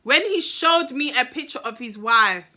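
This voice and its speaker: A woman vlogger telling a story in a lively, slangy way, acting out the people in it. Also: high voice, normal speed. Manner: animated, slangy, acts out the people in her story. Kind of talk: storytime vlog.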